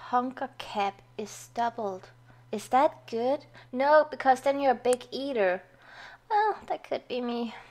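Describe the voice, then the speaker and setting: A woman's voice: sits high, lively intonation, a little slow, a little mellow. A young woman giving chatty gameplay commentary, easily startled and swearing when frustrated. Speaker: gaming youtuber. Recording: faint game music behind.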